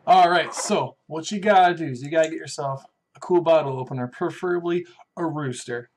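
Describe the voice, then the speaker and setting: A man hosting a casual beer and pipe review, folksy and relaxed as he walks through each tasting step. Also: on the high side, a little fast, few pauses, a little hiss or hum. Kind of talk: casual chat.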